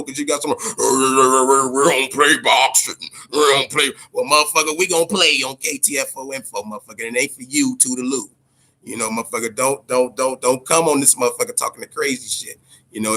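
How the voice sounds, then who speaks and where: A man with a medium-pitched, slightly bright voice hosts a relaxed boxing livestream. He talks loosely and swears, repeats himself, and responds to viewers in his chat.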